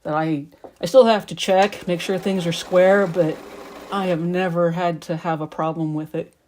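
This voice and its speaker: A middle-aged woman with a lowish voice, talking in a loose, rambling way while she works at her quilting. She chats on casually from her sewing room. A sewing machine hums faintly behind her. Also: steady tone, moderate pace, a little mellow, slight background noise. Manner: rambling, chatty, talks while working.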